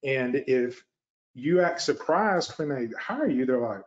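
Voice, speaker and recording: A man coaching other lawyers on running a practice, talking in a relaxed, conversational way and acting out clients' reactions in quick asides. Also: mid-range voice, highs cut off. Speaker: elder law practice coach. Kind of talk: instructional talk to lawyers.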